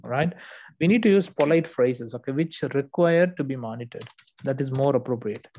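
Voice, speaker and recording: A man's voice: mid-range voice, normal speed, warm tone. A man tutoring one student, correcting written work patiently and checking understanding often. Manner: patient, explanatory, frequent "okay" checks. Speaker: English test tutor.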